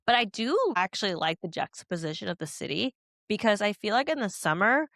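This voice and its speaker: A woman's voice: mid-range voice, lively intonation, fairly quick, fairly bright tone, dry recording, studio quality. A young woman co-hosting a podcast in casual chat, chatty with lots of fillers and laughs. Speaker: podcast co-host.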